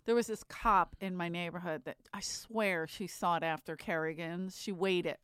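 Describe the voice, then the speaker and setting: A woman's voice: on the low side, normal speed, clear, resonant tone, no echo, studio quality. A woman hosting a casual podcast chat, swearing freely and acting out the people in her stories. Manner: profane, animated storyteller, acts out others. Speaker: podcast host. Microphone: studio mic.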